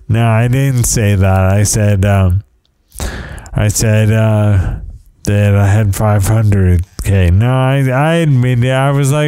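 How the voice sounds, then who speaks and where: A man hosts a loose, meandering podcast chat, telling stories and poking fun at himself. His voice is smooth and fairly low, with a mellow, warm tone. He takes his time, and the recording is dry and close. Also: takes it slowly, dry recording. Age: parent of young kids. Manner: meandering storyteller with self-deprecating asides. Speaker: podcast host. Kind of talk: casual rambling chat.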